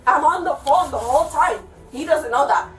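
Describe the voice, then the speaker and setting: A woman telling a police officer her side of a fight in her home, talking fast, heated and swearing. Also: high voice. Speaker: resident speaking to police. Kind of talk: agitated account to an officer. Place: inside a house, indoors. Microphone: police bodycam from a distance. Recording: echoey distant bodycam audio, faint music.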